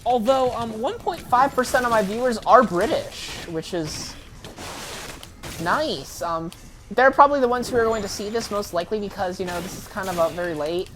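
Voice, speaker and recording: A woman's voice: medium pitch, animated, moderate pace, a bit bright, slight background noise. An American woman giving casual, rambling gameplay commentary full of ums and restarts. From United States. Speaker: gaming YouTuber.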